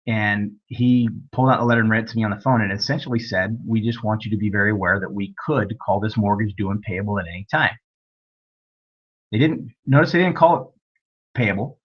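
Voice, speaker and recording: Male webinar instructor, husky voice, folksy storyteller, muffled lo-fi audio. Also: fairly low pitch, flat delivery, quick pace, hardly any pauses. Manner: folksy storytelling, acts out dialogue. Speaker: real estate investing instructor. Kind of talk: webinar lecture with anecdotes.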